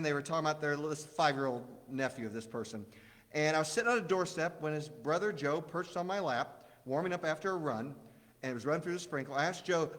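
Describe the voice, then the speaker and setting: A man's voice: a little high, a bit bright, in a large hall. A man preaching a conversational sermon to a congregation in a church, often asking them questions.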